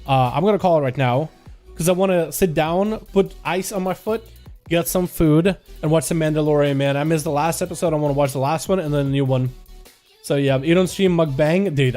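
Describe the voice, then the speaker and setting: A man's voice: on the high side, a little mellow. A male streamer doing live game commentary and casual chat with viewers, laid-back and slangy.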